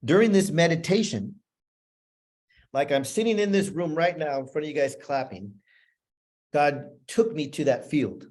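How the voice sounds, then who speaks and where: A man's voice: fairly high pitch, expressive, moderate pace, long pauses, a little mellow. A man speaking as a motivational speaker, telling a personal story to an audience in an earnest, repetitive, emotional way. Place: room with a live audience.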